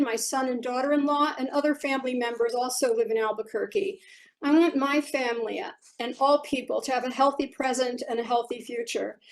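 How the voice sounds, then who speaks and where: Older woman, high voice, public commenter, earnest, deliberate reading, remote call. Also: rough recording.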